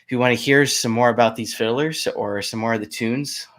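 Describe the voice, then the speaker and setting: A man from Maine, a fiddle player, introducing his tunes in plain, modest, slightly halting explanations. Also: mid-range voice, fairly bright tone.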